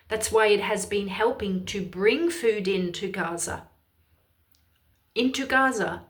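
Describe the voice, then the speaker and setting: A woman with an Irish accent giving heated, emphatic, exasperated political commentary in a ranting video. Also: medium pitch. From Ireland.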